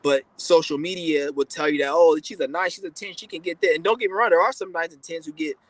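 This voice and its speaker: A man with a fairly high voice holds forth in a blunt, profane, rambling monologue, often restarting his sentences. The sound is dry and close, with no room around it. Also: fast, no echo, rough recording. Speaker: podcast host. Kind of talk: casual monologue.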